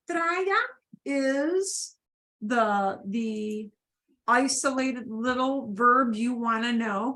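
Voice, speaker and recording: Female Spanish teacher, higher voice, slow and patient, repeats drills for the class. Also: bright, forceful tone. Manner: patient, repeats phrases for students to echo. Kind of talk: beginner language class.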